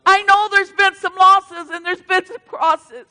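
Woman preacher, high bright voice, fervent sermon, shouts then drops quiet, talks right to the church. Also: steady tone, a little slow, hardly any pauses. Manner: fervent, swings between shouting and hushed asides; addresses the congregation directly.

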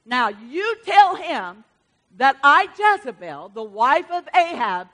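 A woman's voice: high-pitched, a bit bright, heavily acted. Woman preaching as a vengeful queen. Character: spiteful threatening queen, vengeful and proud.

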